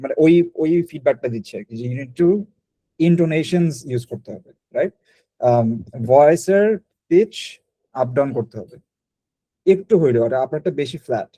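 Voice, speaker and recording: Fast-talking man teaching. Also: fairly high pitch, expressive, dark tone, dry recording, rough recording. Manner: rapid mix of English and Bengali, frequent restarts. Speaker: spoken English teacher. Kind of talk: live online class feedback.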